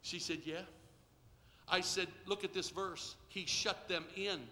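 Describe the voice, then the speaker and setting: A middle-aged man preaching in a church with a very high, piercingly bright voice. He leads call-and-response and swings from near-whispered asides to shouted bursts. A long reverb trails his words through the sanctuary. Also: steady tone, measured pace. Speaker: pastor. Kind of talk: sermon.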